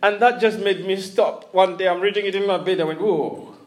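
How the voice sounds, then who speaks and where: Casting: male preacher, very high voice, sermon storytelling, chuckling. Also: a little fast. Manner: animated storytelling with frequent chuckles and restarts.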